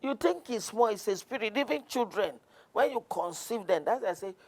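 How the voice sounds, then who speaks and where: A woman's voice: medium pitch, lively intonation, a little fast, creaky, a little mellow. A woman counsellor speaking earnestly in an interview, telling stories from her clinic with frequent restarts. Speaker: guest counsellor. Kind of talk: conversational interview.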